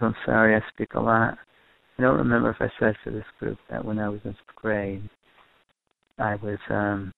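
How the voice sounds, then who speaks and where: A man with a low, gravelly voice lectures on family and parenting, circling back to repeat and rephrase his points. His delivery stays fairly level in pitch. The sound is tinny and narrow, like a phone line, and close and dry. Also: no echo. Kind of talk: recorded lecture to a group.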